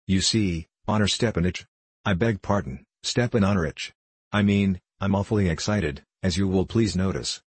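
A man plays an anxious suitor in his thirties who keeps fretting and tripping over his words. His voice is very deep and husky. It is a dry, close audiobook play reading. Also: moderate pace, no echo. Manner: fretful, flustered, stumbling over words. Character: nervous 35-year-old male suitor, anxious and hypochondriac.

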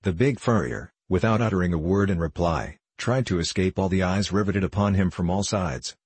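A man narrating an audiobook in a measured, evenly paced reading. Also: deep voice, darkish tone, husky, no room sound.

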